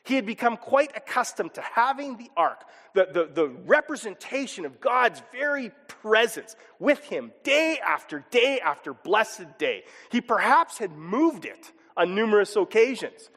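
High lively voiced guy preaching, pastor energy, big hall echo. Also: a little slow, hardly any pauses. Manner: animated, acts out voices, chuckles. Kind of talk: sermon.

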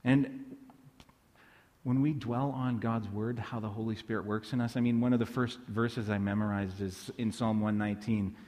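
A man's voice: on the low side, fairly even intonation, moderate pace, dark tone, big-room sound. A man preaching a sermon as a pastor, telling stories in a loose, conversational way with fillers and restarts.

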